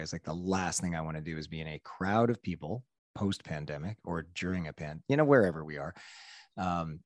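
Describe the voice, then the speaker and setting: Middle-aged male podcast host, low voice, rambling anecdotes with laughs, dry close mic. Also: warm tone, no echo. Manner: rambling storyteller who laughs often. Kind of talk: casual chat.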